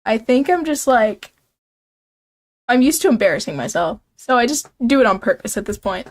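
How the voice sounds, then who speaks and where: A woman's voice: a little high, sing-song, moderate pace. A young woman streaming a game, playfully reading its text aloud and chatting with viewers, giggling often.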